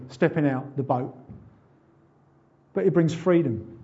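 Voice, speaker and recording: A man preaching a sermon, asking rhetorical questions and building up to loud, fervent appeals. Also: a little high, slow, long pauses, lo-fi sound.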